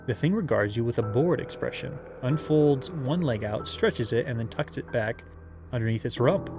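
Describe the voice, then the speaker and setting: A man's voice: mid-range voice, lively intonation, moderate pace, music in the background. A man reading a gamebook aloud as game master, with playful asides and laughter.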